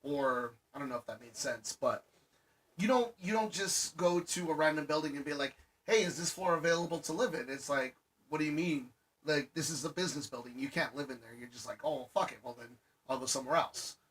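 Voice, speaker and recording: A man from Arizona, co-hosting a podcast in casual chat, explaining haltingly and restarting his sentences often. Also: mid-range voice, fairly bright tone, husky, low-quality recording. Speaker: podcast co-host.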